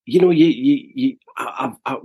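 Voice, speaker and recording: A Scottish man in his forties with a soft Glasgow accent, telling his life story in a podcast conversation, earnest and halting as he restarts and repeats words. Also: medium pitch, husky, muffled recording. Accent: Glaswegian Scottish. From Scotland. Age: 40s. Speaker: podcast guest.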